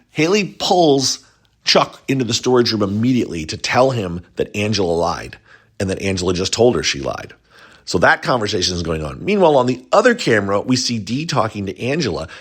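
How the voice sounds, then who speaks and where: A chatty man with a slightly low voice, recapping reality TV in a loose, rambling way. He restarts sentences and now and then jumps higher to act out what others said. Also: husky. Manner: chatty, rambling, quotes houseguests in lifted voices. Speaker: reality show recap host. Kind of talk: casual recap commentary.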